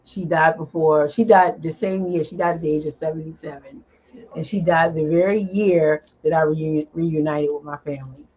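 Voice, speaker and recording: Her voice sits low with a breathy edge as she talks about her advocacy work as a casual interview guest. Animated and laughing easily, she leaves pauses packed with filler, all on a dull lo-fi recording.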